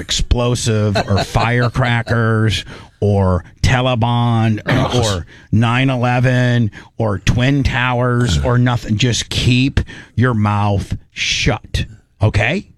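A man's voice: medium pitch, slow pace, dry recording. Rambling man telling a story. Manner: rambling, animated, restarts often. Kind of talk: casual comedic storytelling.

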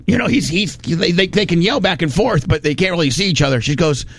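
Middle-aged man from Indiana, rambling casual storyteller, slightly raised pitch, dry close mic. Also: fairly quick, no echo. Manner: rambling, profane, lots of restarts.

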